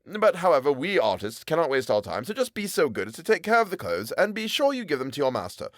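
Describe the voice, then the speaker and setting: Dude playing a bragging tailor, loud-ish, swoopy, gossipy. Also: male voice, a little high, sing-song, quick pace, no room sound, clean studio sound, voice pushed up. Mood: blustering. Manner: blustering, gossipy. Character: boastful chatty male tailor. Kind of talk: audiobook character voice.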